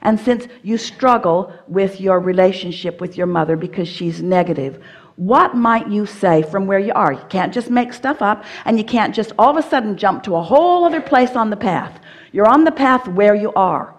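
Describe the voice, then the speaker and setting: Female seminar speaker, mid-pitched, firm and playful, guides an audience member sentence by sentence. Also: lively intonation, moderate pace. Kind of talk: live seminar teaching, speaking as "we".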